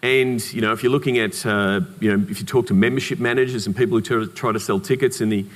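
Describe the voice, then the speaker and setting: An Australian man giving a conference keynote, telling anecdotes in a lively way with humorous asides. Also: mid-range voice, fast talker. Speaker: keynote speaker. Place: conference hall. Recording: reverberant conference hall.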